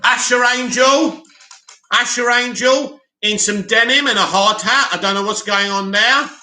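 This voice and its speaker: A man's voice: very high voice, a little slow, sharp tone, roomy sound, soft background music, poor audio. A man with a sore throat hosting a casual livestream, reading chat comments aloud and giving blunt opinions.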